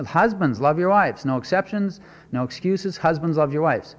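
A man's voice: on the high side, animated, normal speed, in a large hall. A man preaching a sermon, stressing and repeating his points and asking rhetorical questions.

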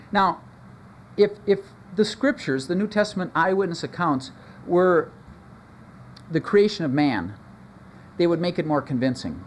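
A man preaches an expository sermon in a chatty, animated way, his fairly high voice leaping up for emphasis and dropping low for asides. A faint noise sits under the recording. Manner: animated, conversational, with sudden pitch jumps and asides. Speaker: pastor.

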